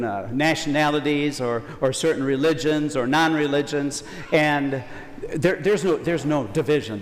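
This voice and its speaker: Folksy preacher in a reverberant church. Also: male voice, a little high, slight background noise. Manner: conversational, folksy preaching with acted-out quotes. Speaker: priest. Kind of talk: Sunday homily.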